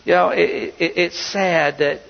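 A man preaching a sermon as pastor, swinging between loud bursts and hushed asides. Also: a little high, steady tone, unhurried, creaky. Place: church sanctuary. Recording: dull, reverberant sanctuary audio.

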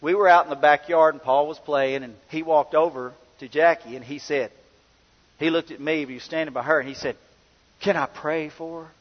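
A middle-aged preacher tells a story from the pulpit, folksy and conversational, his voice sitting a little high for a man. The sound is dull, and his words linger in a long church reverb. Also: steady tone, a little fast. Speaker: pastor. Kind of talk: sermon with personal storytelling.

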